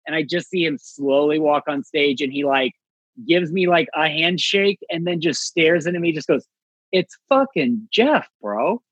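A male comedian telling a story in casual chat, animated and acting out voices with big jumps in pitch. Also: moderate pace, slightly rough, dry recording, lo-fi sound.

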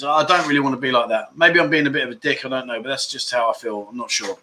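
A man's voice: mid-range voice, rapid-fire, bright, forceful tone, slight background noise. A middle-aged man hosting a casual livestream chat show, reading out viewer comments with jokey, self-mocking banter.

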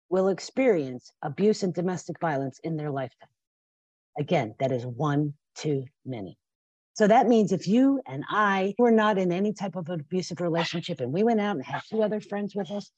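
Podcast guest: woman, 50s, husky lower voice, earnest and emotional delivery, close and dry. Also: warm tone, dry recording, dull audio. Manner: passionate, emotional, sometimes teary with laughter. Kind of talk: podcast interview.

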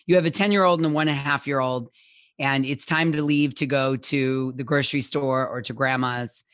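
A woman guest speaking as a parenting expert in a conversational interview, animated and acting out little quotes, often checking in with "right?". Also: very deep voice, brisk, no room sound, studio quality. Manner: animated, acts out parent and child quotes, keeps asking "right?".

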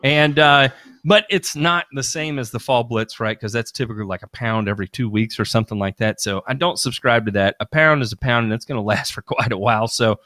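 A man's voice: medium pitch, a little fast, pushed and bright, dry recording. Podcast host guy, mid voice, rambles n restarts a lot, dry close mic. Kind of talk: casual expert chat.

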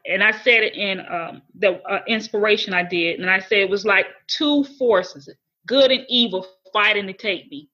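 An earnest woman with a drawl tells her personal testimony, halting and repeating herself as she goes. Her voice is bright and forward. The recording sounds a little dull and muffled. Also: mid-range voice. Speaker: guest sharing testimony.

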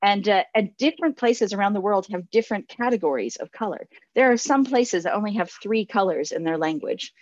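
A woman in her forties, a pastor giving a sermon, earnest and reflective, often restarting her sentences and laughing softly. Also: mid-range voice, a little fast, hardly any pauses, dull audio.

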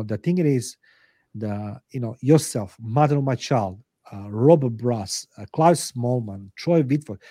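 A man's voice: medium pitch, warm tone, breathy edge, no echo, clean studio sound. A middle-aged man, a podcast guest and author, speaking English as a second language in blunt, emotional interview talk that is heavy with swearing. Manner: earnest, blunt, swears freely, non-native English.

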